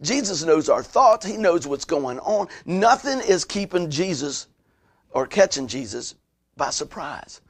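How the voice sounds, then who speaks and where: A man's voice: on the high side, sing-song, measured pace. A male pastor, preaching a conversational sermon with frequent asides to his listeners.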